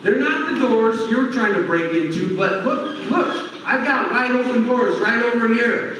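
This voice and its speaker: A man's voice: extremely high pitch, lively intonation, unhurried, noisy background. A preacher voicing God as a patient, coaxing father. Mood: reassuring. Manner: coaxing, calls him "man" and "buddy". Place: church sanctuary. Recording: echoey hall, heard from far off.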